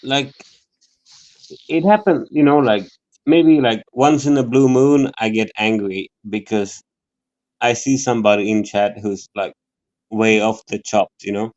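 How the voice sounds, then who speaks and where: Halting, rambling man on a dull lo-fi line. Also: lowish voice, a little mellow. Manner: rambling, halting, many fillers and swearing. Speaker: livestream guest. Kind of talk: casual livestream chat.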